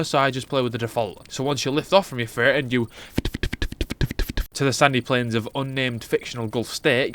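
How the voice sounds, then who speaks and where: A man's voice: medium pitch, fairly bright tone. Sarcastic, sweary male game reviewer. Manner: sarcastic, sweary, mock-indignant. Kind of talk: comedic retro game review voice-over.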